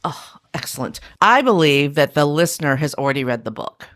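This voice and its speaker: A woman's voice: low voice, expressive, brisk, fairly bright tone. A woman hosting a podcast, steering the talk and speaking directly to the listeners. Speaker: podcast host. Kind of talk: casual podcast chat.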